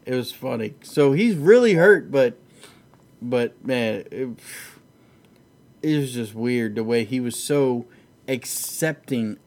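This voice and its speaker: A man's voice: mid-range voice, a little mellow. A man hosting a casual, profane chat about fights, rambling and laughing easily. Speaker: podcast host.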